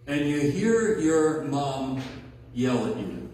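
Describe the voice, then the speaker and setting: In a large, echoing hall or sanctuary recorded from far away, a man preaches a conversational sermon in a medium-pitched, slightly mellow voice. He's very animated yet slow, emphasizing key words and checking in with his audience.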